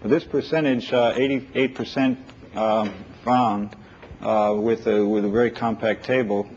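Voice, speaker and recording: Male lecturer, mellow tone, informal and thinking aloud, lo-fi archival lecture tape with faint hiss. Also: on the low side, steady tone, unhurried. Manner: informal, thinks aloud, takes audience questions. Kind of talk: live technical lecture with on-screen demo. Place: lecture room with audience. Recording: dull lo-fi 1980s lecture tape.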